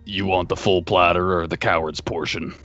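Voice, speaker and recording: A man voicing a gruff, terse male orc barkeep who mutters low and short. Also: fairly even intonation, moderate pace, fairly bright tone, muffled recording, soft background music.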